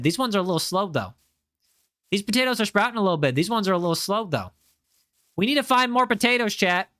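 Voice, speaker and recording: A man's voice: sits high, pushed and bright, no echo, clean studio sound. A man streaming a game live, joking around and talking to his chat in a playful way. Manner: playful, jokey, chatting with viewers. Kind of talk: live gameplay commentary.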